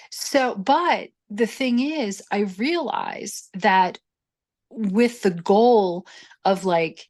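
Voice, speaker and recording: Candid, self-deprecating woman podcaster. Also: mid-range voice. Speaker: podcast co-host. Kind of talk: casual podcast conversation.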